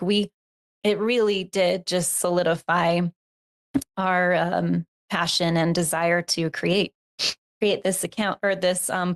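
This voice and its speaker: Woman guest, interview talk, earnest reflective storytelling, lowish voice. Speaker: podcast co-host, guest.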